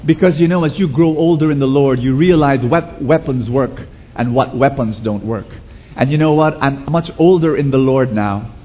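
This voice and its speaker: A male preacher with a mid-range voice delivers a call-and-response sermon at a moderate pace, captured in lo-fi sound. He tells stories with animation and poses rhetorical questions to the congregation.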